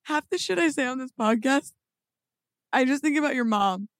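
A woman's voice: high-pitched, expressive, moderate pace, no room sound, clean studio sound. A woman co-hosting a podcast in casual banter, pushing back bluntly and teasing her co-host.

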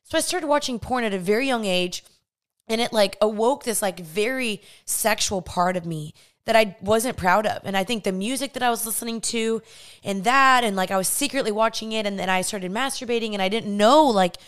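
A young woman tells her personal story on her podcast, animated and acting out the people she remembers. Her voice is smooth and clear, sitting at an ordinary middle pitch. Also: a little fast. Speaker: podcast host. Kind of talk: personal testimony monologue.

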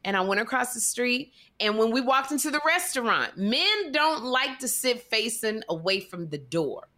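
Woman on a talk show going off on a dating story, kinda high bright voice, does little voices for everybody. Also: normal speed. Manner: lively, acts out voices in her stories, laughs often. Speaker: guest telling dating stories.

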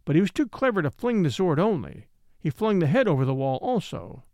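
Man reading as a calm mild priest. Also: a little high, brisk, no echo, studio quality. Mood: quiet. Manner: quiet, reflective. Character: mild little old priest, calm and patient. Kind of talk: audiobook character reading.

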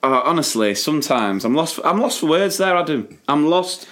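A man's voice: on the high side, sing-song, normal speed, fairly bright tone. A man co-hosting a casual podcast, chatting animatedly, venting and laughing often. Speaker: podcast co-host, primary teacher.

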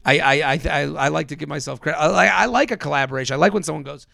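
Man, slightly high, gravelly, rambling podcast chatter, dry close mic. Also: racing, pushed and bright, no room sound. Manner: rambling, lots of fillers and restarts. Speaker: comedian and podcast guest. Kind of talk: casual podcast chat.

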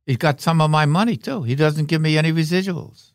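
An older man, a veteran actor and podcast guest, telling rambling, wry anecdotes with halting fillers. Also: fairly high pitch, no echo, studio quality. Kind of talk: anecdotal interview talk.

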